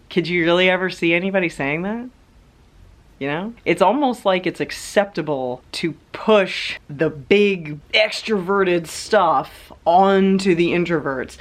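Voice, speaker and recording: Woman vlogger, low voice, loose rambling chat full of asides and hedges. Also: a little slow. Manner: rambling, lots of hedging fillers. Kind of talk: casual chat.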